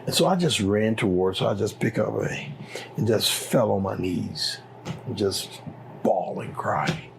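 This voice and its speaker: A man's voice: fairly low pitch, measured pace, vocal fry, noisy background. A middle-aged man with a Liberian accent telling his story as an interview guest, acting out the dialogue with animation. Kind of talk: personal storytelling.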